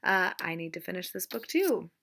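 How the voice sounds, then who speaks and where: A woman's voice: fairly low pitch, very animated, moderate pace, creaky, a bit bright. A young woman casually chatting about her reading, rambling and self-deprecating. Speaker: book vlogger. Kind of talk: casual chat.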